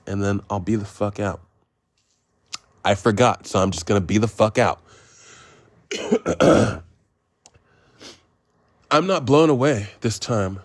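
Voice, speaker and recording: A podcast host with a lowish voice pokes fun at himself while reviewing a film, rambling sarcastically, cursing, wandering off on tangents and coining silly phrases. There's no room sound at all.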